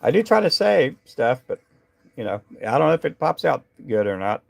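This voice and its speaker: A man's voice: medium pitch, sing-song, moderate pace, gravelly, darkish tone. A man hosting a casual live stream while tying fishing jigs, chatting loosely with viewers in a rambling way full of fillers and restarts.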